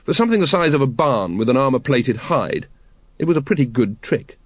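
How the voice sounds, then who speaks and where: A man's voice: mid-range voice, big pitch swings, a little fast, husky, dry recording, lo-fi sound. A man reading a fantasy novel aloud with dry, wry storytelling. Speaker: audiobook narrator. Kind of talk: scripted narration.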